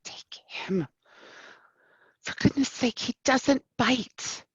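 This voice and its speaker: A woman playing a calm, patient male therapist who speaks in a measured, soothing way, in a live play reading. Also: mid-range voice, no room sound. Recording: dull, dry sound.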